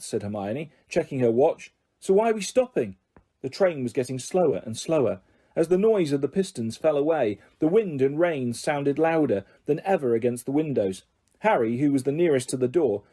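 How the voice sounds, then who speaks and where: A man reading an audiobook aloud in a steady storytelling voice. His tone is mellow and slightly husky, sitting a bit higher than most men's. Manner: steady storytelling with small slips. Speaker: audiobook narrator. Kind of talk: audiobook narration.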